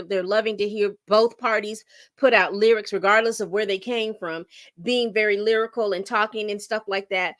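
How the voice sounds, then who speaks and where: A woman's voice: mid-range voice, a bit bright, no echo, clean studio sound. A middle-aged woman hosting a casual livestream, rambling and reading chat comments aloud. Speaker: livestream host.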